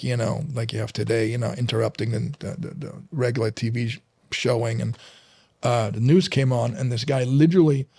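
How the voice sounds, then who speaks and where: This guest, a German-accented fitness trainer in middle age from Berlin, has a gravelly, mellow mid-range voice. In a relaxed interview his stories keep restarting and are packed with fillers, all captured in a dry, clean studio recording.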